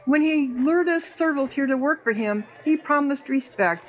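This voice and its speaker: A woman's voice: sits high, normal speed, close to an everyday voice, rough recording. A woman voicing a drunk, angry male cat-folk blacksmith who speaks in broken, bitter phrases in a game.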